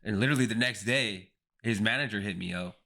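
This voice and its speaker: Young man, lowish pitch, bright forceful tone; casual interview guest spinning slangy stories. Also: fast, creaky. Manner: laid-back slangy storytelling, acts out quotes. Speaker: pro skater and DJ guest.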